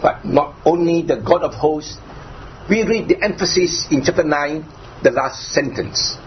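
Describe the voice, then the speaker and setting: A man's voice: on the high side, a little slow. A man preaching a sermon, driving points home through repetition and rhetorical questions. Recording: dull lo-fi recording, faint background noise.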